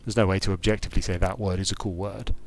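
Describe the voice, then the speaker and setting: A British game designer streams a strategy game, talking very fast in a low, darkish voice with a steady tone. His commentary is casual and meandering, as though he's thinking aloud in his British English accent.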